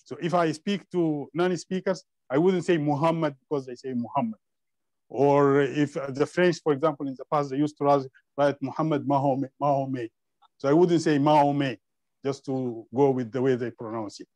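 A man's voice: medium pitch, fairly quick, a little mellow, dry recording, low-quality recording. A man whose first language is Arabic, hesitating often with fillers and restarts as he gives his view in an online group discussion. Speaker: discussion participant.

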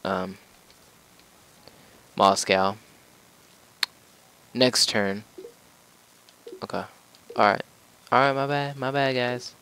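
A man's voice: on the low side, slow, gravelly, pauses often, bright, forceful tone, clean tone, rough recording. A man giving casual gameplay commentary as a let's play gamer, joking, rambling and talking to the game as he plays.

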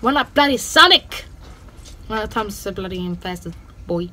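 A woman's voice: mid-range voice, expressive, a little fast, sharp tone, slight background noise. A playful female host, casually commenting over gameplay with goofy sing-song bits and a habit of saying "bloody". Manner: self-censors swearing, says "bloody" a lot. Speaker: gaming channel host.

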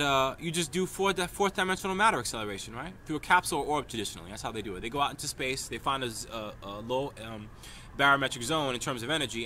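Casting: man from New York, bright tense voice, rambling emphatic monologue, faint traffic behind. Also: medium pitch. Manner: stream-of-consciousness, emphatic, repeats "right?". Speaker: vlogger.

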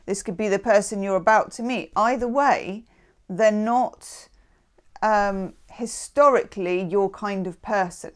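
A woman's voice: medium pitch, unhurried. A woman giving a casual, chatty tarot reading. She is encouraging and often checks in with "okay?". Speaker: tarot reader.

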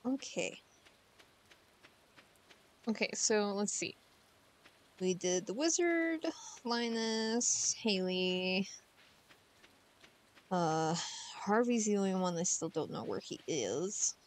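Slow-talking giggly woman gamer. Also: medium pitch. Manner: chatty, giggly, talks to game characters. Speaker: streamer. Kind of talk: casual gameplay commentary. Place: home room.

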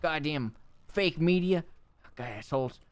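A man streaming a game role-play as a store manager, loud and excitable, swearing often, his voice getting worn. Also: on the high side, a little slow, clean tone, dry recording. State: losing his voice.

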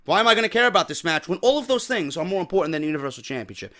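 A man with a New York accent hosts a wrestling podcast, ranting profanely and firing off rhetorical questions. His voice is a little high, pushed and bright, racing along with lively intonation.

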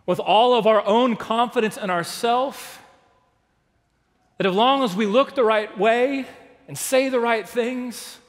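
Preacher in an echoing sanctuary. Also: male voice, high-pitched. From Texas. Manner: earnest, swings from loud emphatic peaks to hushed asides; asks the congregation rhetorical questions. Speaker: pastor. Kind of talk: sermon. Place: large church sanctuary. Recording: long reverb of a big sanctuary.

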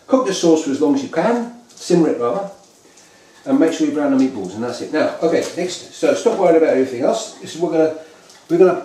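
A man's voice: a little high, warm tone. A British man hosting a casual home cooking demonstration, rambling and repeating himself as he explains a recipe. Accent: British English. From United Kingdom. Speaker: home cook host. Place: home kitchen. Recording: echoey kitchen with faint noise.

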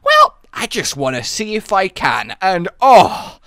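Man, gaming host, high-pitched, wildly swooping voice, slow drawn-out delivery, shrieks and exclaims. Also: wildly swooping pitch, gravelly, sharp tone, no echo, clean studio sound. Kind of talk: excited gameplay commentary.

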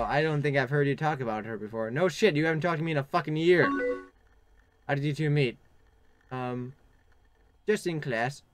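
A young man with a somewhat high voice talks through a game he is playing, reading its lines aloud and tossing in sarcastic, crude jokes. Faint keyboard typing and clicks sit behind his commentary. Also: a little hiss or hum. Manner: joking, crude asides, sarcastic. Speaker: gaming channel host.

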